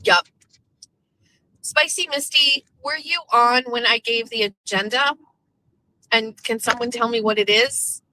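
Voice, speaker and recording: A woman hosting a casual morning show, chatty and animated, swearing freely as she tells stories. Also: fairly high pitch, unhurried, pauses often, dry recording, rough recording. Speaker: show host.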